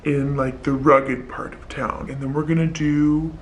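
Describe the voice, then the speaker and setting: A woman's voice: deep voice, little pitch movement, unhurried, a little hiss or hum, pitched below the performer's own voice. A woman voicing her rude, fussy young British boyfriend with a curt, blunt manner. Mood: matter-of-fact.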